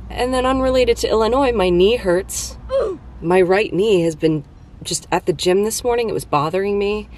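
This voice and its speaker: A woman's voice: deep voice, a little hiss or hum. A woman in her twenties, talking to the camera from a parked car in a chatty, rambling vlog with self-deprecating humor. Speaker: vlogger. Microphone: camera on a dashboard tripod.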